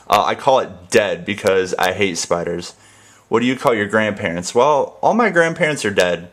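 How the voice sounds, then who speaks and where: A man's voice: sits low, a bit bright. A young American man rambling casually in a vlog, playful and goofy, trying words out over and over. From United States. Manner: goofy, playful, repeats words in different ways. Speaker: ASMR channel host.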